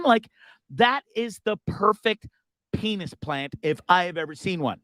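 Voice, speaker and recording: A high-pitched man hosts a livestream with a lot of swing in his voice. He rambles through crude, animated jokes. The room sounds dry and close. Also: unhurried, dry recording. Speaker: livestream host. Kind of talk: casual comedic live chat.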